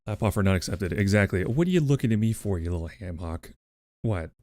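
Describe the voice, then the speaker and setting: A man's voice: low voice, expressive, brisk, darkish tone, no echo. A male streamer in casual livestream chat, playful and casually swearing, cooing at his pets while he talks to viewers on a close desk mic.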